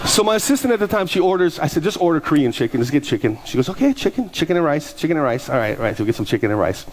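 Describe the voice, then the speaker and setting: Man, pastor, animated sermon storytelling, voices both sides of conversations, slightly high voice. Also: very fast, a little hiss or hum.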